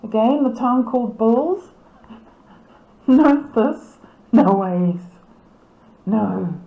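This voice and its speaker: A woman's voice: a little high, expressive, drawn-out words, gravelly, echoey room, narrow, tinny audio. A woman, casually commenting on club photos as she reads out titles and names, amused and laughing often. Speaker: camera club presenter.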